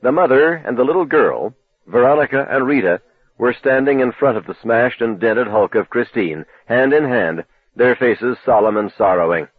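A man narrating a novel in the first person, telling it in a measured, low, dramatic manner. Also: expressive, breathy edge, dry recording. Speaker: audiobook narrator. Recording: tinny phone-like dry recording.

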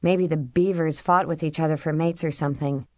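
A woman narrates an audiobook in a steady, measured way. Her voice sits on the low side for a woman. The recording is close and dry, made on a close studio mic with no room sound. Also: no room sound. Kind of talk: scripted narration.

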